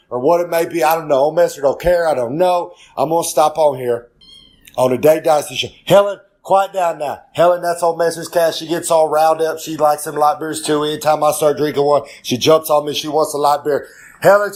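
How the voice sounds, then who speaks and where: A man delivers a loose, bragging comedic monologue and keeps referring to himself in the third person. His voice sits a little high and has a lazy drawl. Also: a little mellow. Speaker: pro wrestler in segment.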